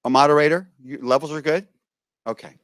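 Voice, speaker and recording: A man's voice: a little high, brisk, no room sound. A man working as event emcee, briefing a live audience and coaxing them to join in. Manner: lively, coaxing the crowd to join in. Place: conference room with a live audience.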